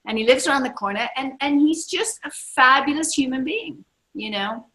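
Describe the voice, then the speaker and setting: Woman, 60s, business leader at a live seminar. Bright, slightly high voice. Enthusiastic and emphatic, repeats key lines. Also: normal speed, rough recording. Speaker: network marketing leader. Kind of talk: motivational seminar talk. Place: seminar room with a live audience.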